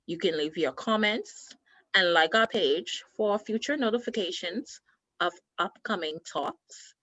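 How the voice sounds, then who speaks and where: A woman's voice: mid-range voice, a little slow, sharp tone, dry recording, muffled recording. A woman hosting a casual talk show, agreeing eagerly and wrapping up the episode. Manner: enthusiastic agreement. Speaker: host. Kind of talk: casual chat.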